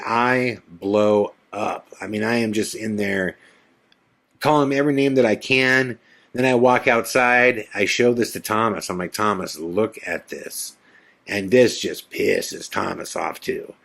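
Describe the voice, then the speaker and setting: A middle-aged man tells a personal story on his podcast in a voice of ordinary pitch. He acts out each exchange with lively energy and breaks into loud shouts at the tense moments. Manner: animated storyteller acting out dialogue, shouting at peaks. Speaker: podcast host. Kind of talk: storytelling monologue.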